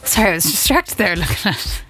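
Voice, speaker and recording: Irish woman host, bouncy animated delivery, chatty and laughing, faint music underneath. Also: on the low side, a little fast. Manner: chatty, laughs often, lively. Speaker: radio host. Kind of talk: casual on-air chat and traffic report.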